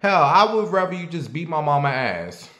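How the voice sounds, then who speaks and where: A man's voice: on the high side, sing-song, normal speed, sharp tone. Blunt, profane man in an echoey room. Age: late 30s. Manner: blunt, profane and talkative, asking the audience questions. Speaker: show host. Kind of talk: casual commentary monologue. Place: at home.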